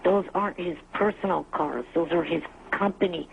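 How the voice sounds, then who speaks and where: A male caller with a gravelly, rough edge to his voice, speaking in halting, aggrieved bursts. He comes through a muffled phone line with faint noise underneath. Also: high voice. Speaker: caller, show regular. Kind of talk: phone call on a talk show.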